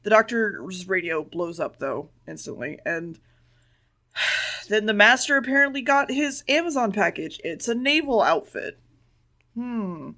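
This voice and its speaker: A woman's voice: medium pitch, expressive, measured pace, pushed and bright. A woman co-hosting a podcast, casually recapping a show with blunt, sarcastic asides. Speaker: podcast co-host.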